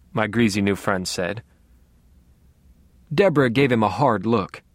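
Wry, animated male audiobook narrator. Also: on the low side, moderate pace, no room sound. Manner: dry, wry. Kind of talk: first-person audiobook narration.

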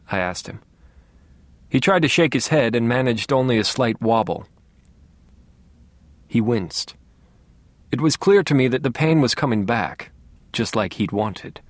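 A man narrating a first-person novel in a measured, wryly dry manner. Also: lowish voice, no echo. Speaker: audiobook narrator.

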